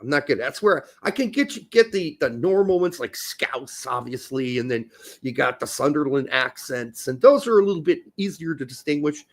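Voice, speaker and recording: A man's voice: mid-range voice, expressive, normal speed. A man co-hosting a casual podcast chat, joking around, laughing often and wandering into rambling asides. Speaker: co-host.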